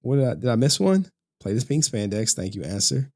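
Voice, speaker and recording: A man's voice: medium pitch, sing-song, a little fast, darkish tone. A young man ranting on a livestream, profane and mocking, often breaking into laughter. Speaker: streamer. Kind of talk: livestream rant.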